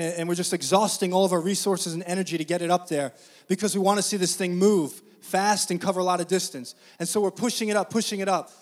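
This man, whose voice is notably high, gives a sermon by addressing the congregation in a conversational, storytelling manner. He then climbs into loud, spirited preaching.

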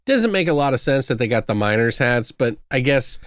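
Young male podcast co-host, loose and profane, clear smooth tone, dry close recording. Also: medium pitch, very animated, a little fast, no echo. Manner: rambling, loose and profane, many fillers. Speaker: podcast co-host, movie reviewer. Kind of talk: casual movie review chat.

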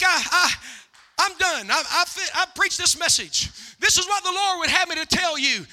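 A male pastor preaching a fervent sermon, shouting and calling on the congregation to answer back. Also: extremely high pitch, expressive, normal speed. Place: church service.

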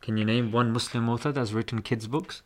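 A man at mid pitch talks in a relaxed but emphatic way, pressing his points and often saying "bro". His speech is casual and conversational. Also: a little fast. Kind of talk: casual discussion.

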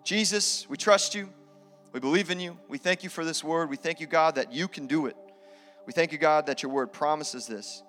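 Male pastor, emphatic sermon delivery, live church hall with long reverb and soft music. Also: on the high side, normal speed. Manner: emphatic preaching, reading scripture aloud with asides.

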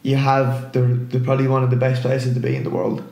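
A man's voice: medium pitch, monotone, fairly quick, a little mellow, echoey room. A man co-hosting a casual football podcast, rambling and often asking "you know what I mean". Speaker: podcast co-host.

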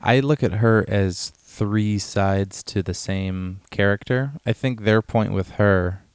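A man co-hosting a podcast, talking about a film in a relaxed, rambling way with lots of fillers. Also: fairly low pitch, slow, clean tone, no echo. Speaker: podcast co-host. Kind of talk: casual film discussion.

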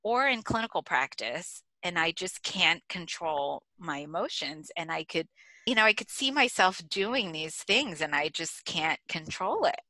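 A woman's voice: on the low side, expressive, unhurried, sharp tone, no room sound, low-quality recording. A middle-aged American woman co-hosting a podcast, telling a story animatedly and laughing as she goes. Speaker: podcast co-host. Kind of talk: casual storytelling chat.

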